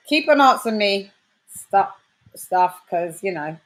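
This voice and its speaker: A woman's voice: mid-range voice, slow pace. A British woman, a grime and dancehall artist hosting a casual livestream chat, full of slang and boastful trash talk. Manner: animated, slangy, trash-talking banter. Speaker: host.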